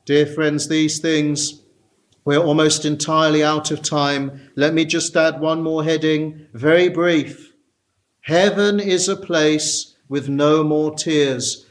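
A man preaching a sermon, slow and emphatic, climbing higher when he pleads with his listeners. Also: steady tone. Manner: earnest, slow and emphatic, rising in pitch for pleading passages.

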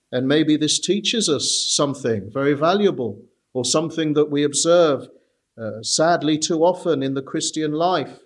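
Earnest man preaching a sermon. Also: a little high. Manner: measured, earnest, with frequent "uh" pauses. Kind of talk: expository sermon.

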